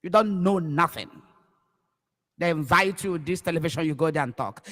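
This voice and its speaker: Nigerian preacher guy, high voice, heated and repetitive, big reverby room. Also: lively intonation, moderate pace. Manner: emphatic, repeats phrases, swings from loud cries to hushed low words. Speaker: pastor. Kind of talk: impassioned preaching livestream.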